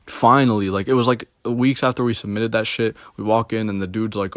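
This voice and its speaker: A man's voice: on the low side, level tone, brisk, no echo, clean studio sound. A young man in his twenties rambling through a casual story, packed with filler words and swearing. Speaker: streamer.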